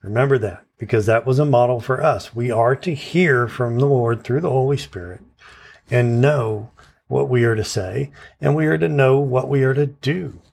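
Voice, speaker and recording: Earnest male preacher, mid-pitched voice, teaching style with frequent check-ins. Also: moderate pace, gravelly, darkish tone, slightly rough. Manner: earnest, repeats "okay?" to check in with listeners; stresses verse words in turn as he recites. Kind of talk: sermon.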